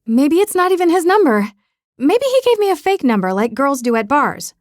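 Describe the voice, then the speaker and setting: A woman voicing a flustered, panicky young woman in an audiobook, with high-strung exclamations. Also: big pitch swings, moderate pace, no echo, studio quality. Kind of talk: audiobook dialogue reading.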